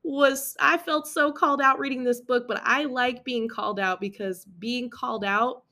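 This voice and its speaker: A woman's voice: a little high, fairly even intonation, normal speed, pushed and bright. Hey so young woman, podcast host, reassuring and earnest, chatty solo talk, lots of "right?". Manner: earnest, reassuring, many restarts and "right?" asides.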